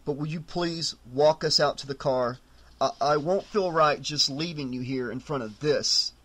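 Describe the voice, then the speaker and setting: Audiobook: a man playing a steady, protective teen boy, bright voice. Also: a little high, moderate pace. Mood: reassuring. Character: calm, protective teenage boy.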